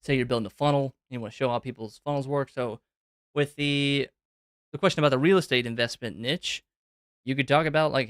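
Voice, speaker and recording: Hosting a live Q&A stream, this man explains what's on screen in a relaxed, conversational style, filling his thinking-aloud with plenty of fillers. His voice is medium-pitched, steady, fairly bright and clean, at a normal speed, recorded in a clean studio without echo.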